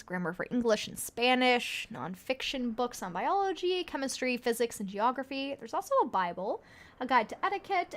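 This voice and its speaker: Woman, fairly high voice, chatty game streamer, giggly, reads story text aloud. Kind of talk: casual game commentary and reading game text aloud.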